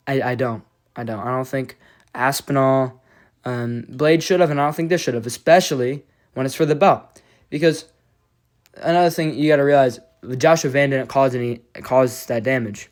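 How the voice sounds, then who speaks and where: A man talks in a loose, rambling fan reaction, stumbling over his words and restarting often. He swears a lot and sounds agitated and frustrated. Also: mid-range voice. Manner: rambling, profane, many restarts. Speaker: MMA fan commentator. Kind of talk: casual reaction vlog.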